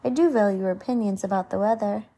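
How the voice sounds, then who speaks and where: A woman's voice: medium pitch, fast, dark tone, close to an everyday voice. Lucia, woman reading a timid polite young woman. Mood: demure. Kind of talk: storybook read-aloud.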